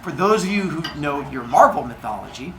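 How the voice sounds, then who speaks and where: A man's voice: a little high, big pitch swings, a little fast, bright, forceful tone. Playful man telling a myth to kids. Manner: playful, goofy sound effects. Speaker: storyteller, podcast host. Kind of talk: animated myth storytelling for kids. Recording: echoey room with faint noise.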